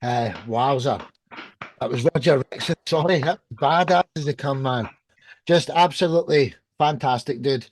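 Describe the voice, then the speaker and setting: A man's voice: medium pitch, moderate pace, no echo. A man from the United Kingdom hosting a rock podcast, enthusiastic and loose. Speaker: radio show host.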